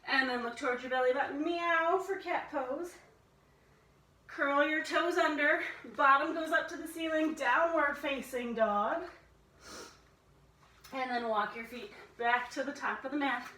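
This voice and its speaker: A woman's voice: sits high, fairly even intonation, measured pace, bright, forceful tone, reverberant, distant mic, poor audio. A woman instructor guiding a family yoga class, playfully cueing breaths and inviting animal sounds.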